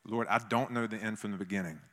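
A man preaching a sermon in an animated way, acting out voices from scripture. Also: fairly low pitch, quick pace. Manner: animated, acts out biblical voices. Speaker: pastor. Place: church meeting in a gym. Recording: long hall reverb.

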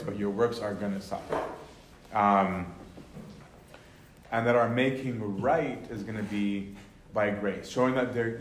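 A man leading a casual Bible study, talking loosely with lots of "right?" and "um", then slowing down to read verses aloud. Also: fairly low pitch. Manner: conversational, many fillers and tag questions, slows to read scripture. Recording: echoey room with faint noise.

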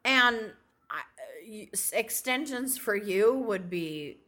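Chatty woman co-host, bright tone, animated storyteller. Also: mid-range voice, slow pace. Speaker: podcast co-host. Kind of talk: casual chat.

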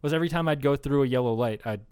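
A man's voice: medium pitch, rapid-fire, a little mellow, clear, resonant tone, no echo. Young male co-host, loose and profane, rambles through stories, dry studio sound. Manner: rambling, profane, laughs a lot, acts out quotes. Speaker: podcast co-host. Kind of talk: casual comedy podcast chat.

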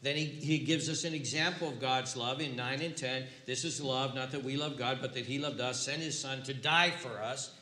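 A man's voice: medium pitch, fairly even intonation, moderate pace, hardly any pauses, bright, forceful tone. An older man preaching a sermon as pastor, repeating words as he restarts and building to emphatic peaks. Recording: roomy echo with faint ambience.

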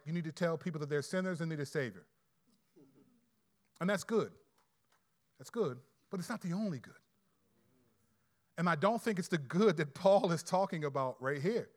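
A man preaching a sermon in a conversational, animated way with quick asides. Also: sits high. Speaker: pastor.

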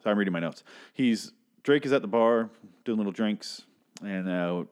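A man with a very low voice talks through a television episode recap in a loose, rambling way. He swears freely and sounds openly exasperated, circling back and restarting his thoughts. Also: moderate pace, clear, resonant tone. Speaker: TV recap host.

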